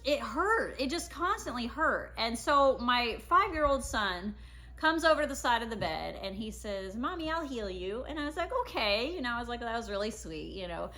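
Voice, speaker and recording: A woman's voice: on the high side, animated, brisk, bright, forceful tone. A woman in her thirties casually telling a personal family story, acting out her own past words.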